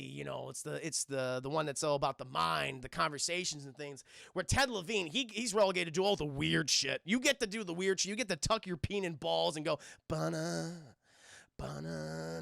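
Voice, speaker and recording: A man's voice: a little high, creaky, pushed and bright, dry recording, studio quality. A young man streaming a casual, profane film breakdown, chatting to his viewers as he goes. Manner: profane, chatty, keeps addressing chat.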